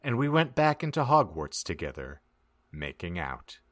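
Man, deadpan, low voice, comedic story reading, podcast host, dry close sound. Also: normal speed, no echo. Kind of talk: comedic reading of fan fiction.

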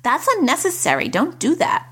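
A woman's voice: high-pitched, wildly swooping pitch, a little fast, sharp tone, breathy edge, pitched above the performer's own voice, exaggerated voice. A woman putting on a New Jersey accent to play a nagging relative scolding a child. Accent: put-on New Jersey. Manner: scolding, exasperated.

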